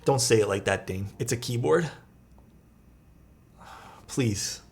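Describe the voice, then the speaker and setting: A man's voice: mid-range voice, takes it slowly, creaky, a little hiss or hum. A man streaming live, casually chatting with his viewers and answering their questions while he works on a build. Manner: relaxed, chatty, reads and answers chat while working. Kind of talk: casual livestream chat.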